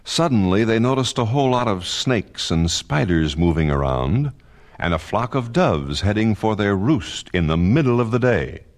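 A man narrating a frontier tale in a steady, vivid storytelling voice. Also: lowish voice, normal speed.

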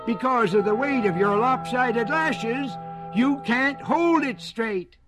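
A man's voice: very high voice, slow pace, voice pushed up. A man voicing a small, clever male rabbit who talks in a coaxing, mock-sorrowful way, read as a storybook. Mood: sly. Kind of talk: storybook reading. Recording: music playing behind.

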